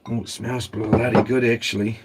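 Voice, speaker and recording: A New Zealand man vlogs to camera from a houseboat on the ocean, rambling, slangy and talking to himself. His voice is lowish with little pitch movement and normal speed, and the background is noisy.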